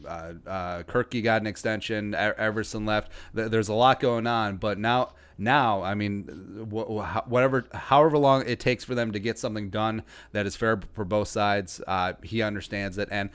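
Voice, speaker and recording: Hosting a sports podcast, this man chats conversationally in an Upper Midwestern American accent, using many fillers and restarts. He has a lowish, steady, clean and fairly bright voice, a moderate pace, and few pauses.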